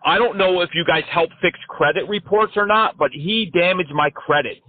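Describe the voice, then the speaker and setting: High-voiced man taunting over a phone line. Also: normal speed, a little hiss or hum. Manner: mocking, taunting, profane. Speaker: scam baiter. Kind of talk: prank phone call.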